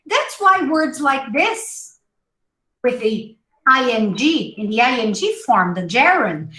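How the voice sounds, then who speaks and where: A woman teaching English pronunciation in a live online class, slowly modeling each word and repeating it. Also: a little high, big pitch swings, bright, forceful tone, reverberant, low-quality recording. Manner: slow, drawn-out modeling of words with repetition.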